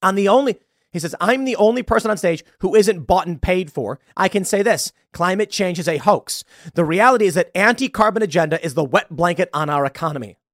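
A man's voice: sits high, lively intonation, fairly quick, fairly bright tone, dry recording, clean studio sound. A man hosting a political commentary show, talking in a blunt, emphatic, conversational way. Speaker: show host.

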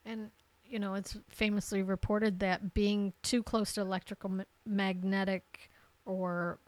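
A woman's voice: medium pitch, flat delivery, measured pace, no room sound. Affirming woman co-host, dry sound. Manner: responsive, affirming.

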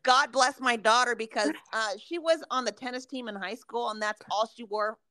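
A middle-aged woman talks through a casual podcast chat with a bright, forceful tone and fairly high voice. She is blunt and swears freely. The sound is close and dry. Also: moderate pace, no room sound. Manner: profane, blunt storytelling. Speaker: podcast co-host.

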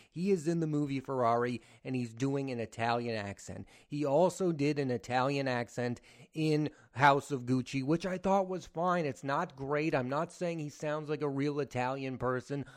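A man hosting a film podcast, giving his candid, strongly opinionated takes in a conversational way. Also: mid-range voice. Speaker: podcast host, film critic.

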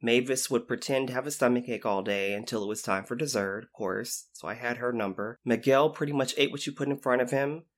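A man telling lively stories about his time as a youth intervention specialist, acting out the voices of the people in them. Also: medium pitch, fairly quick, few pauses. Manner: animated, acts out quoted voices. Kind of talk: storytelling anecdote.

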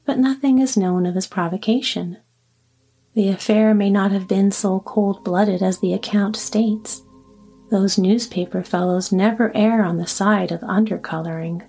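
A woman voicing a calm, courteous man who reassures an old lady, in a storybook reading. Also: medium pitch, a little slow, husky. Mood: dry. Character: calm kindly dark-haired man stranger.

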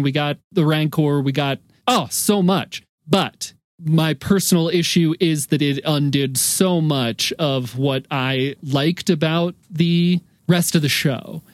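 A man with a fairly high voice co-hosts a podcast in a loose, chatty way. He rambles, goes back on his own words and softens his points as he goes. The sound is dry and close. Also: dry recording. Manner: rambling, self-correcting, hedging. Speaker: podcast co-host. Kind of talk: casual chat.

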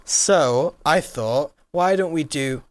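A man's voice: a little high, takes it slowly, dry recording. A young man co-hosting a casual podcast chat, rambling with lots of "like" and restarts. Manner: rambling, heavy use of "like". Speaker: podcast co-host.

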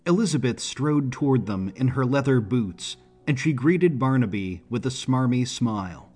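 Husky male audiobook narrator. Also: medium pitch. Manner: measured, even storytelling.

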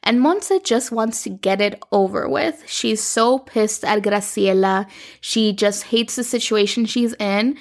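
Woman podcast host chatting thru a show recap, bit of fry, animated, mid pitch. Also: measured pace. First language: Spanish. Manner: chatty, animated, acts out characters' lines in quotes. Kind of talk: casual recap chat.

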